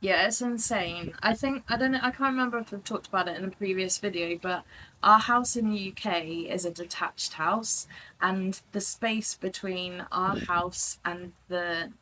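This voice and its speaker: A woman's voice: mid-range voice, moderate pace, bright, forceful tone, a little hiss or hum, low-quality recording. A Welsh woman chatting casually on a vlog, giggly and talkative. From Wales. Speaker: vlogger. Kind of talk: casual chat.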